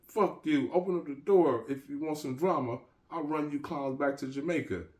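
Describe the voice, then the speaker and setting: A man voicing a hot-tempered male gangster who shouts and curses in street slang. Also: sits low, moderate pace, lightly acted. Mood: furious.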